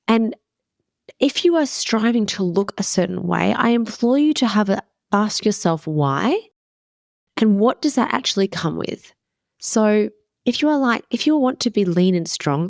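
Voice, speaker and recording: A woman's voice: medium pitch, gravelly, a little mellow, dry recording, studio quality. A woman in her thirties hosting a casual motivational podcast as a wellness coach, candid and emphatic, swearing casually.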